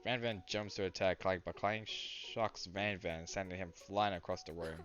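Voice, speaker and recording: A man's voice: low-pitched, steady tone, moderate pace, hardly any pauses, a bit bright, dull audio, soft background music. A young man streamer reading a story game aloud with jokey, laughing asides.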